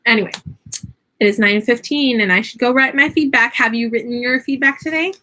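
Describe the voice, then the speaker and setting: A young woman, an online English teacher, chatting casually from her home classroom in an animated way. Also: fairly high pitch, fairly quick. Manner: animated, switches into playful sing-song teaching voices. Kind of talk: casual chat.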